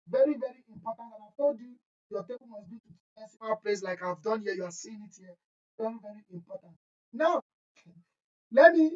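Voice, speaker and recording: A woman's voice: a little high, muffled recording. A woman chemistry teacher, giving an exam-prep lesson in an emphatic, scolding way that repeats key points. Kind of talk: exam-prep lesson, screen-share walkthrough.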